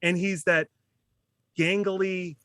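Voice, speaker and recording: In clean, dry studio audio, a man with a high, clear, resonant voice speaks slowly. Over a casual chat he recounts a funny story, animated and self-deprecating, performing the different voices himself.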